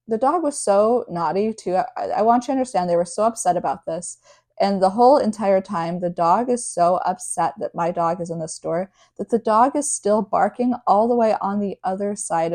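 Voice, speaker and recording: A woman's voice: mid-range voice, a little mellow. A young woman vlogger chatting candidly to her viewers, with lots of asides and fillers. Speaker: vlogger and service dog handler. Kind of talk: casual talk to camera.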